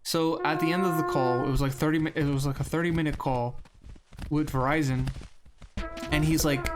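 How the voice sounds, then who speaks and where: Young guy streaming a game, slightly high voice, rambly and chatty, loud game music behind. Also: fairly even intonation, a little fast. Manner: chatty, rambling, reacts loudly with sudden yelps. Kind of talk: casual gameplay commentary.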